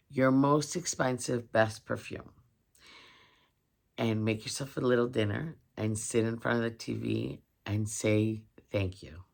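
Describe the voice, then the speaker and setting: Tender woman with gravelly voice. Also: very deep voice. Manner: emotional, tender, talks straight to viewers. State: tearing up. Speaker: vlogger. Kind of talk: heartfelt holiday vlog.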